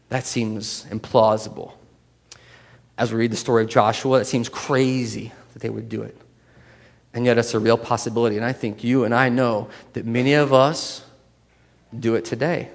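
A man preaches a sermon from the pulpit, his voice gravelly at a middle pitch. He swings from loud, emphatic stretches down to quiet, hushed lines and acts out inner voices as he goes. The sound carries a long reverb from a large church hall. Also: little pitch movement, normal speed. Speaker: pastor.

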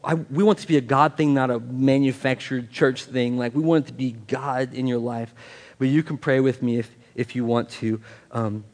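A man's voice: medium pitch, fairly even intonation, normal speed. Man preaching an emphatic, casual sermon. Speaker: pastor. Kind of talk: sermon with scripture reading and prayer. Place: church sanctuary. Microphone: handheld or stand microphone.

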